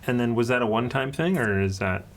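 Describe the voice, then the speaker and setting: A man's voice: mid-range voice, lively intonation, fast talker, creaky. A man running a tabletop game as dungeon master, describing scenes hesitantly with many fillers.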